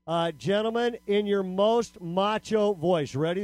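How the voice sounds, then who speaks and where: A man with a high voice tells a comic story to a live crowd of teenagers. He is animated and acts out quotes and noises, tagging his lines with a questioning "okay?". His voice sounds close and dry, with no room echo. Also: a little slow, few pauses. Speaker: speaker addressing teenagers at a camp. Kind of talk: comedic storytelling talk to a live audience.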